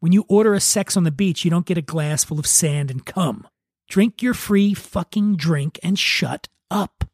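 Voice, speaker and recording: A man's voice: high voice, moderate pace, breathy edge, dry recording, clean studio sound. A man voicing a blunt, fed-up female bar patron who scolds crudely. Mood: scolding.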